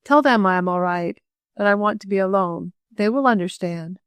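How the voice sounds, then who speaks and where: A woman's voice: moderate pace, clear, resonant tone, no echo, lightly acted. A woman voicing a shy, tearful teenage girl who stammers and hesitates, in an audiobook reading. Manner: stammering, hesitant, low-voiced.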